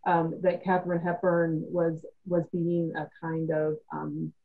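A woman on a discussion panel, talking in a measured academic way and thinking aloud with frequent pauses. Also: sits low, completely flat delivery, narrow, tinny audio.

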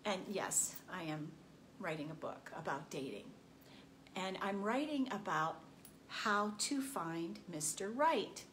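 A woman giving a motivational spiritual talk, deliberate and often laughing as she acts out everyday examples. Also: lowish voice, animated, fairly bright tone, a little hiss or hum. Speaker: spiritual speaker.

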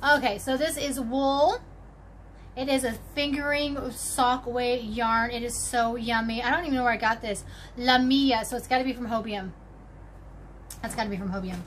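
A chatty woman with a high, bright voice rambles happily to her viewers, full of little exclamations as she rummages through things. A faint hiss of background noise sits under her talk. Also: steady tone, moderate pace. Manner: chatty, bubbly, talks to viewers while rummaging. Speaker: crochet channel host. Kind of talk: casual show-and-tell vlog.

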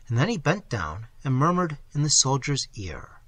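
A man reading an old short story aloud as narration, with expressive, animated delivery. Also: medium pitch, moderate pace, breathy edge, no room sound. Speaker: audiobook reader. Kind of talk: scripted narration.

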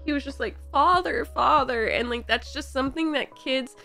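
A woman's voice: high-pitched, brisk, fairly bright tone, faint music behind. A woman hosting a movie reaction video, talking in an effusive, emotional way with lots of "like". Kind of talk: casual reaction commentary.

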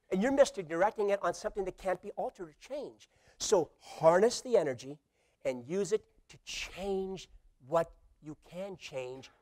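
A middle-aged man with a high-pitched voice delivers a sermon as a pastor. He shifts from hushed remarks to loud, emphatic calls and playfully voices the people he quotes.

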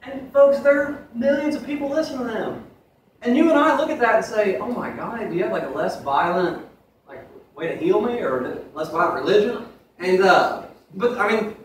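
Fast-talking preacher in echoey church. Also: male voice, high-pitched, slight background noise. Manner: conversational preaching with asides. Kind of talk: sermon. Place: church sanctuary. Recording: echoey room from far off.

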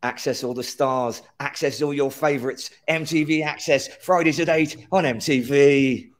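Dude doing a high nasal tv promo announcer, loud and punchy. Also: male voice, steady tone, normal speed, close to an everyday voice. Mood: hyped. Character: punchy male music channel announcer.

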